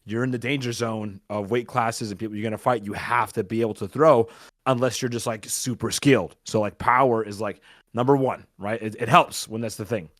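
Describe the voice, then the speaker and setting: A man talking casually as a boxing coach and co-host, loose and energetic, with lots of fillers. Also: on the low side, a little fast, dry recording, clean studio sound. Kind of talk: casual podcast chat.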